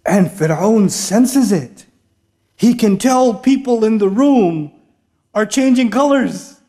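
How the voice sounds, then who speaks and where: High-voiced man giving an animated talk. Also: takes it slowly. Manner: animated storytelling with humor and laughs. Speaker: speaker giving an Islamic talk. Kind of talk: lively lecture to a live audience. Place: large mosque hall.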